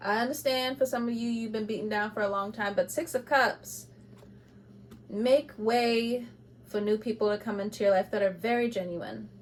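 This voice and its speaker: A woman giving an intuitive tarot reading to camera, speaking bluntly and with passion, moving between loud urging and quiet asides, with laughs between points. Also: a little high, fairly even intonation, normal speed, a little hiss or hum. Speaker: tarot reader.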